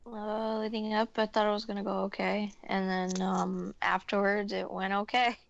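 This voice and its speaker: A woman's voice: medium pitch, completely flat delivery, moderate pace, gravelly. A woman co-hosting a podcast, giving hesitant, brief answers in casual chat. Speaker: podcast co-host. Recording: dull lo-fi sound.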